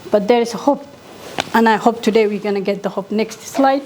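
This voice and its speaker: A woman's voice: mid-range voice, normal speed, a little mellow, slight background noise. A middle-aged woman physician from Somalia, giving an impassioned conference talk and repeating key points for weight.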